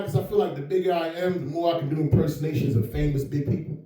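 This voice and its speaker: A chatty stand-up comedian keeps checking in with the crowd and laughing as he talks, his voice mellow and a bit raised. He was recorded in a big echoey room in a private house, with the mic far away. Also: fairly high pitch, steady tone, quick pace, hardly any pauses. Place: private mansion home.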